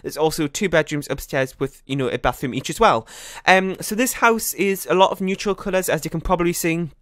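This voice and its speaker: A man's voice: fairly high pitch, a bit bright, no room sound, studio quality. A man giving casual, rambling voice-over commentary on a building game, often correcting himself. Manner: fast, rambling, self-correcting chatter. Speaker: YouTuber.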